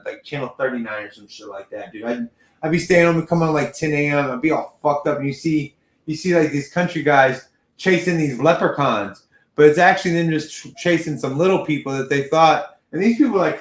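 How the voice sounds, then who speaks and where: A man's voice: a little high, fairly quick, echoey room. A man from Texas in his thirties, rambling and swearing through a casual chat as a podcast host. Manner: rambling, profane, repeats himself.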